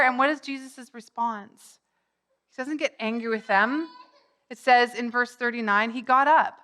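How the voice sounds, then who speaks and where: A woman's voice: fairly high pitch, moderate pace, pushed and bright. A middle-aged woman preaching a sermon in a conversational way, lifting her voice for quoted cries. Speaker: pastor.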